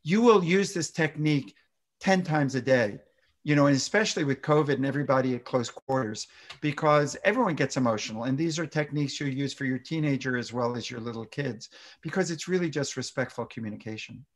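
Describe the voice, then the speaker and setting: A man, a pediatrician guest, explaining parenting advice in a lively way and acting out example conversations. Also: medium pitch, fairly quick. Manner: lively, acts out example dialogue in exaggerated voices.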